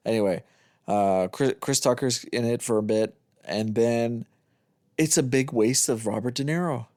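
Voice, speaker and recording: A man's voice: medium pitch, moderate pace, darkish tone, no room sound, studio quality. A man co-hosting a movie review podcast in casual chat, rambling as he retells scenes and swears freely. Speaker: podcast co-host.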